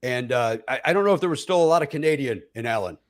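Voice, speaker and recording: A man's voice: medium pitch, fast talker, background noise. A middle-aged man, a comedian, telling stories in a casual podcast chat and acting out the voices of the people in them. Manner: animated storyteller who acts out quoted voices. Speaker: comedian guest.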